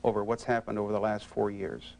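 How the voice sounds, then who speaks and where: A man in a counseling interview speaking haltingly, with many stammered restarts and anger he is holding back. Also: on the low side, level tone, creaky, darkish tone, poor audio. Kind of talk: halting emotional disclosure.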